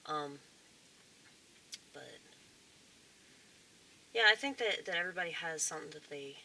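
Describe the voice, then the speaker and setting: This Southern American woman has a deep, bright voice with a forceful edge, captured on poor audio with a slight hiss or hum. As a vlogger, she rambles casually, swearing, filling gaps with fillers, and laughing briefly here and there.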